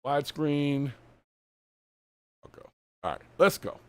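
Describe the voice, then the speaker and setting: A man hosts a live stream and talks over a clip in a loose, animated, slangy way. His voice sits a little high. The sound is dry and close. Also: slow, clear, resonant tone, no room sound. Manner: casual, animated, colloquial. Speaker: host. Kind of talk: live-stream reaction commentary.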